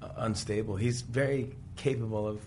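A man casually retelling a story, animated, often breaking into quoted voices, with faint room sound. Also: lowish voice, normal speed, a little hiss or hum. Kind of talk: casual chat.

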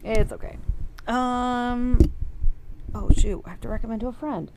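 A woman's voice: fairly high pitch, unhurried, very noisy. A woman co-hosting a podcast in casual chat, chatty and giggly, laughing often as she reads listener messages. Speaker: podcast co-host.

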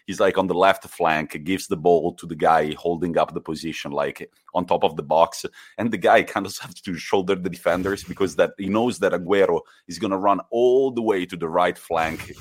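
A man's voice: deep voice, no echo, studio quality. A man co-hosting a football podcast, telling stories with enthusiasm in a casual chat. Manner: storytelling, enthusiastic, quick bursts. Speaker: podcast co-host.

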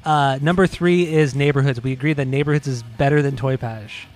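A relaxed man co-hosting a casual podcast, talking at an ordinary pitch. He laughs easily and drops the odd curse as he ranks songs. Faint music plays behind him. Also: brisk. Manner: laid-back, laughs often, swears casually. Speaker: podcast co-host. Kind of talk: casual chat.

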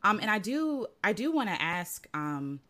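A woman's voice: medium pitch, big pitch swings, measured pace, sharp tone. A woman hosting a podcast interview, chatting casually and sprinkling "like" and "right?" through her questions. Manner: chatty, uses filler "like" and "right?" often. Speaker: podcast host.

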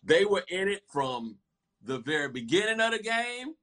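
A man in his fifties, a guest telling stories in lively casual chat. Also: high-pitched, normal speed. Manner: animated, lively storytelling with laughter.

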